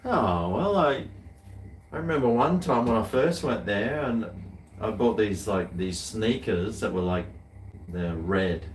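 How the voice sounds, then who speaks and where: A man's voice: lowish voice, animated, unhurried, echoey room, far from the mic, slight background noise. A man with an Australian accent, chatting casually as co-host of a live stream, rambling with many restarts. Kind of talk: casual chat.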